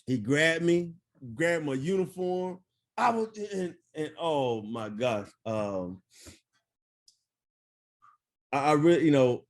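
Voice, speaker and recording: Animated middle-aged man telling army stories. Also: a little high. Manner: animated, laughing, lots of fillers and "man". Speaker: retired army first sergeant guest. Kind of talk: casual storytelling in an interview.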